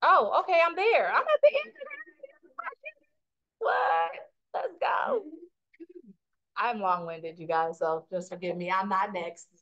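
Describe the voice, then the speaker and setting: Animated middle-aged woman teaching a class. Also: medium pitch, a little slow, pauses often. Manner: animated storyteller, asks "right?" often. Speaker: real estate trainer. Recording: echoey lo-fi room recording.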